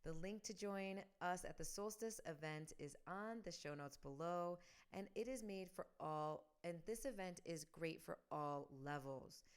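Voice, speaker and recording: Woman, podcast host, low smooth voice, upbeat and encouraging. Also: unhurried. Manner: enthusiastic, affirming, leads listeners in repeated affirmations. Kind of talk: spiritual podcast talk.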